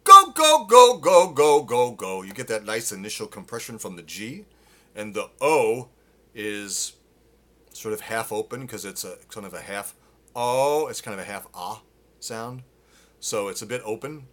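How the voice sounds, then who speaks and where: A man teaching singing live, explaining technique with restarts and breaking into loud sung demonstrations. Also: fairly low pitch, moderate pace. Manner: demonstrates with loud sung grunts and vocal exercises. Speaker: vocal coach. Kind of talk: live-streamed singing lesson. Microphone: phone.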